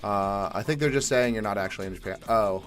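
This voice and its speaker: A young man from Atlanta, Georgia, chatting casually on a live stream, reading viewer questions and answering in a laid-back way, with the odd swear word and loud exasperated outbursts. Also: fairly low pitch, fast. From Atlanta, Georgia, USA. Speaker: livestream host. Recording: faint music behind.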